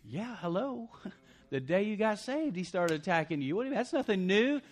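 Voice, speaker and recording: A man preaching a sermon as pastor, swinging between loud punchy lines and quiet asides. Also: high-pitched, very animated, a little fast.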